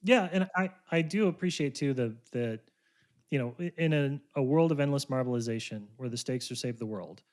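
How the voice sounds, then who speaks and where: A man co-hosting a podcast, talking in a relaxed, conversational way. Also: mid-range voice, normal speed. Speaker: podcast host. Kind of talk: casual podcast chat.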